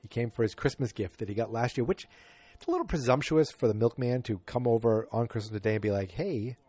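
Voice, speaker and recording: A man's voice: medium pitch, fast talker, warm tone, no echo. A man casually recapping a TV episode in a loose, chatty way. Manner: loose, chatty, breaks into voices of characters.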